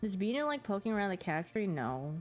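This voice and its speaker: A woman's voice: medium pitch, animated, fast, soft background music. Giggly chatty woman streamer. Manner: chatty and giggly, acting out her pet's reactions. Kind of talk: casual chat.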